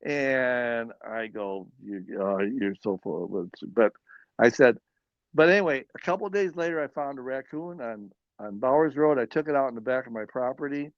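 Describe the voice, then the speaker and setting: A man's voice: mid-range voice, normal speed, no echo, lo-fi sound. A man from northern Illinois, a farmer and guest, telling a story in a rambling, self-correcting way. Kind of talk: casual storytelling.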